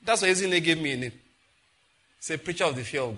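Nigerian male preacher, husky and forceful, fairly high voice, animated storyteller. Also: brisk. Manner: animated storytelling with sudden exclamations. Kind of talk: sermon.

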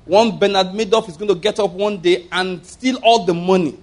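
Emphatic Nigerian preacher man, higher-pitched. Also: moderate pace. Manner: emphatic, repetitive, conversational preaching with laughs. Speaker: pastor. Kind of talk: sermon.

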